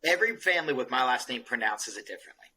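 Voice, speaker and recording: A man's voice: mid-range voice, expressive, very fast, pushed and bright, a little hiss or hum, rough recording. A man guesting on a podcast, telling jokey stories in casual chat and checking in with the listener as he goes. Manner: jokey storyteller, checks in with "okay?". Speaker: roofing company guest.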